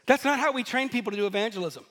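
A man preaching a sermon, telling stories in a lively, animated way and laughing at himself now and then. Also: extremely high pitch, very fast. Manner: storytelling, animated, self-deprecating laughs. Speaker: pastor. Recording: echoey hall.

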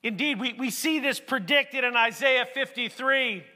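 A man delivers a sermon in a very high, bright voice, dropping low and quiet before rising into shouted emphasis. His words ring out with a long reverb, as from a large church hall. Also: measured pace. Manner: preaching with dramatic swings between hushed and shouted passages. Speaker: pastor.

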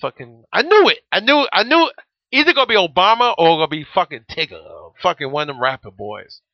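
In casual podcast banter, this thirties-aged co-host tells animated, profane stories full of jokes. He speaks quickly in a high voice; there's no echo, though the audio sounds muffled and lo-fi.

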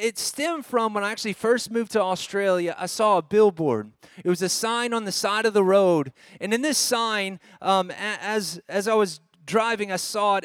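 Male preacher, middle-aged, lively conversational sermon, high clear voice, dry close sound. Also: no echo. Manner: energetic, conversational preaching with asides. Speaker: guest preacher. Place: church service.

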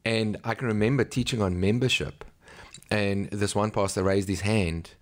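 A man's voice: on the low side, fairly even intonation, normal speed. A man from South Africa, a missionary pastor, telling ministry stories in an interview, with many ums and acted-out quotes. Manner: storytelling, acts out quoted voices, many ums. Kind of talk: conversational interview.

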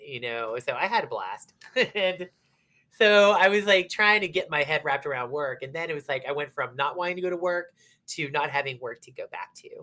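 A woman's voice: low-pitched, normal speed. A woman from Pittsburgh, a bar manager, telling stories casually in an interview with lots of fillers and acted-out quotes. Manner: animated, acts out quoted dialogue, many fillers.

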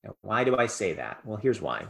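A male preacher giving a sermon, impassioned, swinging between loud emphasis and hushed asides. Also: fairly low pitch, sing-song, moderate pace, gravelly.

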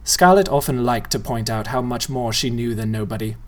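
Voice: mid-range voice, fairly quick. A playful reader narrating a novel aloud and addressing the listener directly. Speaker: storyteller.

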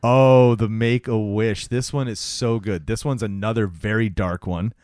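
A man's voice: on the low side, measured pace, dry recording. Man co-host, loose and profane, dry close sound, recounts scenes eagerly. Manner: loose, profane, animated storytelling. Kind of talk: casual chat.

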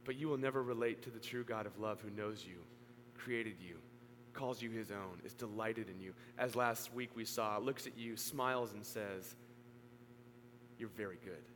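A male pastor preaching a sermon to a congregation. He speaks earnestly, rising to emphatic peaks and then dropping low. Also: steady tone, moderate pace, few pauses, a bit bright. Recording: long hall reverb, faint hum.

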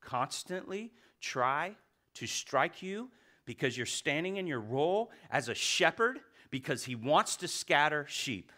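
A middle-aged pastor preaching a sermon, asking the congregation questions and swinging between loud and hushed delivery. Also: male voice, fairly high pitch, sing-song, unhurried.

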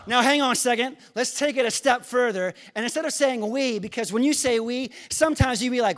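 A male pastor preaching a sermon in church, leading call-and-response and swinging between quiet, slow lines and loud shouts. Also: very high-pitched. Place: church hall.

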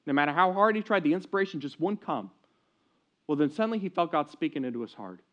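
A man's voice: on the high side, expressive, fast. A man preaching a sermon at a church service, telling a story earnestly, in a dull lo-fi recording. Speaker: pastor. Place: church service, streamed online.

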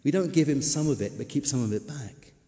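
A man preaching a sermon, emphatic, slowing down and repeating key words for stress. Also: medium pitch, warm tone. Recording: long reverb of a large hall.

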